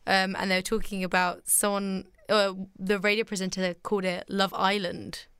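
A young woman co-hosting a casual student podcast, playful and quick to laugh. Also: mid-range voice, level tone, fairly bright tone, clean tone, no room sound. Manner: giggly, playful, picks up on funny words. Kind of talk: casual chat.

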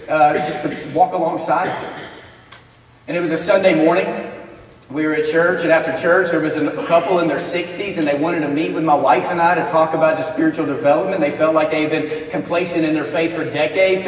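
A man's voice: fairly high pitch, a little hiss or hum. A male minister preaching a sermon, telling a personal story in a conversational, earnest way with touches of self-deprecating humor. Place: college chapel. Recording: echoey chapel from far off.

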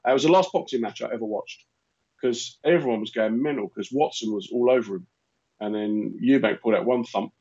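A London man in his fifties tells stories with animated energy. His voice has a husky edge, and the sound is slightly dull and lo-fi. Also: medium pitch. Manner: animated storyteller who slips into put-on voices. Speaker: radio host. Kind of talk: casual chat. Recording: muffled lo-fi sound.

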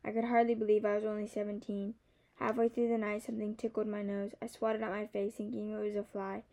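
A young woman reading a novel aloud in the first person, measured and softly expressive. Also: medium pitch. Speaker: audiobook narrator.

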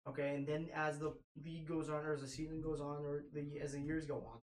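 A man's voice: on the high side, flat delivery, quick pace, echoey room, low-quality recording. A young man co-hosting a casual sports podcast, giving opinionated, teasing analysis. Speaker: podcast co-host.

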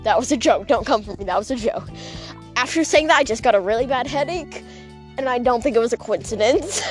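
A chatty woman who rambles and giggles through a story, with "like" in nearly every line. Her voice is a little high. Faint music plays softly behind her. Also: expressive, brisk. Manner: rambling, giggly, full of fillers like "like". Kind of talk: casual vlog storytelling. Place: outdoors at night.

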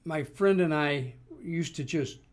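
A man's voice: fairly high pitch, a little slow. An older man co-hosting a casual chat, a joking, folksy storyteller. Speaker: co-host.

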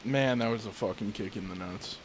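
A man's voice: on the low side, a little fast, slight background noise. A man co-hosting a casual podcast, ranting with constant swearing. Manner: profane ranting, frequent swearing. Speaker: podcast co-host.

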